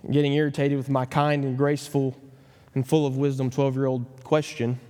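A man preaching a sermon as pastor, earnest and emphatic, slowing down to stress key phrases. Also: medium pitch, mellow, long reverb tail. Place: church sanctuary.

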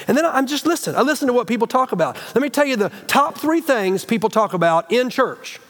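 A middle-aged man preaching a sermon as a guest speaker, folksy and animated, often restarting his sentences. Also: very high-pitched, quick pace, big-room sound. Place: church sanctuary.

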